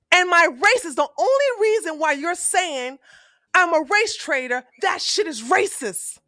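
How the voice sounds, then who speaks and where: A woman's voice: high-pitched, pushed and bright, no echo, studio quality. Fiery, profane woman streamer. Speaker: streamer and political commentator. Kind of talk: heated live-stream commentary.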